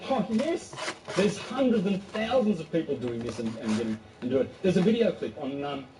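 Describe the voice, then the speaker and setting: A man's voice: a little high, big pitch swings, moderate pace, noisy background. A man giving an emphatic, informal lecture, acting out quotes and often restarting his sentences. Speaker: speaker on court law. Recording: distant mic, echoey room, faint ambience.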